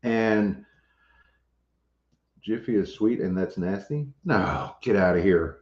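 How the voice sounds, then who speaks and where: A man with a low, darkish voice speaks at a slow pace. He's a homestead channel host running a casual livestream, chatting with viewers and reading their comments in a laid-back, joking way. The audio is roomy, dull, and lo-fi.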